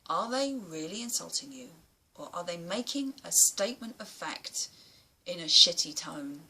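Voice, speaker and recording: A woman's voice: on the low side, animated, normal speed, gravelly, pushed and bright, a little hiss or hum. A woman talking blunt and emphatic to camera in a casual vlog, swearing now and then. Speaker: vlogger.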